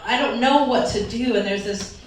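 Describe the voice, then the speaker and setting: A woman's voice: fairly high pitch, moderate pace. A woman pastor giving an earnest, emotional sermon, her voice sometimes wavering as if near tears. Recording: echoey hall from far off.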